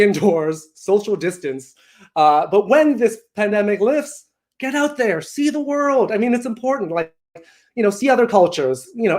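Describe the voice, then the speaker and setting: Self-mocking man doing stand-up at home. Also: high voice. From Canada. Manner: self-mocking, animated storytelling with laughs. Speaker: stand-up comedian. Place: home during lockdown.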